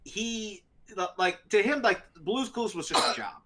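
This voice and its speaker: A man's voice: high voice, lively intonation, unhurried, a bit bright. A young man on a podcast, telling a long story in a rambling way, with lots of fillers and laughs. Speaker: podcast co-host. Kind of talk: casual storytelling chat.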